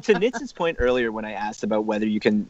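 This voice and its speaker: A man co-hosting a casual film podcast chat, rambling and self-mocking, quick to agree. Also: lowish voice, sing-song, a little mellow, no room sound, lo-fi sound. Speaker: podcast co-host.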